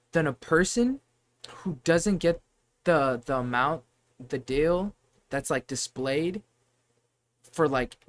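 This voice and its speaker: A young man casually ranting to the camera about his retail job, rambling, swearing freely and working himself up. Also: a little high. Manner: profane, rambling, gets heated. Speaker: vlogger venting about retail work.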